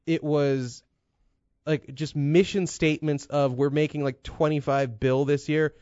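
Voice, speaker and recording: Higher-pitched guy rambling and cursing on a podcast, dry dull sound. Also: measured pace, dry recording. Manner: rambling, profane, animated storytelling. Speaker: podcast co-host. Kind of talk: casual profane chat.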